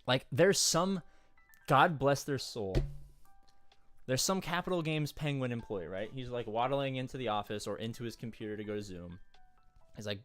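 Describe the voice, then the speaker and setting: A man's voice: mid-range voice, lively intonation, normal speed, a bit bright, soft background music. A man streaming live, talking casually in a rambling, jokey way and swearing freely. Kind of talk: casual livestream chat.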